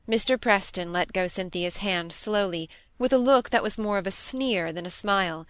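A woman giving a steady, even reading as an audiobook narrator. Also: medium pitch, normal speed, clean tone, dry recording. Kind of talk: scripted narration.

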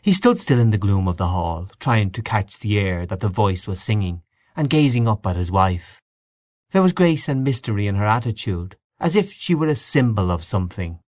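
Low-voiced man reading a story. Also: very animated, normal speed, darkish tone, no room sound, studio quality. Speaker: audiobook reader. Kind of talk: scripted narration.

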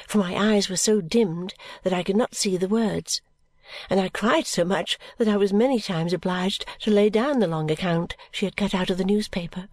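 A woman narrating a novel in the first person, with an earnest, tender and measured delivery. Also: medium pitch, a little mellow, no echo. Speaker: audiobook narrator.

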